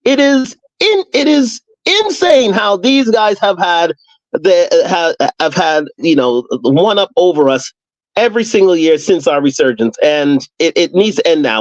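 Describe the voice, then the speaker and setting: A fired-up man with a fairly high voice, pressing his point hard on a football podcast panel and stumbling over repeated words. His audio is dry and dull, like a lo-fi feed. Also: expressive, a little slow, no room sound. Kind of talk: casual chat.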